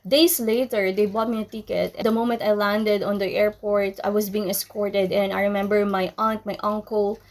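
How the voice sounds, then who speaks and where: A woman's voice: mid-range voice, flat delivery, moderate pace, hardly any pauses. A young woman from the Philippines telling a personal story to her viewers, candid and chatty, full of ums and likes. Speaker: vlogger. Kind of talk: casual storytelling to camera.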